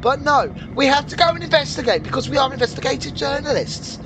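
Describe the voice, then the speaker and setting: High-voiced jumpy man gaming. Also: lively intonation, fast, background noise. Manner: jumpy, panicky, rambling to viewers. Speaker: gaming video host. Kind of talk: horror game let's play commentary. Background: game music.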